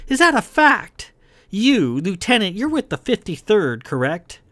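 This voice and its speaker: A man reading a hot-tempered, insubordinate young woman lieutenant, mocking and sharp-tongued. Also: a little high, expressive, slow pace, no room sound, full character voice. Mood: condescending. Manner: condescending, shouting and mocking.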